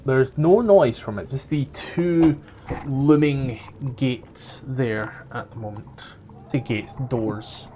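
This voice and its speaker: Relaxed male game master. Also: mid-range voice, takes it slowly, a little hiss or hum. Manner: relaxed, explaining rules between laughs. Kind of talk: running a tabletop game.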